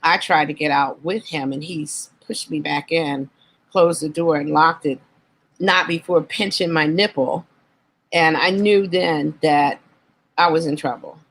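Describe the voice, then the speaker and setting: A woman guest on an interview show, candidly recounting her life in an earnest, reflective way and slowing down on painful memories. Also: sits low, a bit bright, low-quality recording. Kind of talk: candid personal storytelling.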